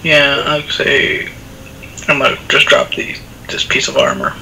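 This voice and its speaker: A man's voice: mid-range voice, very animated, a little slow, vocal fry, sharp tone, a little hiss or hum, rough recording. A man joking around and commenting casually while playing a game on a live stream, laughing often. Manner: playful, jokey, laughs a lot.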